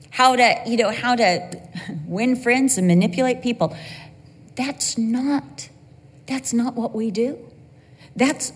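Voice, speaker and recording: A woman's voice: high-pitched, breathy edge, big-room sound. A woman preaching a sermon in an earnest, conversational way, with asides and personal stories.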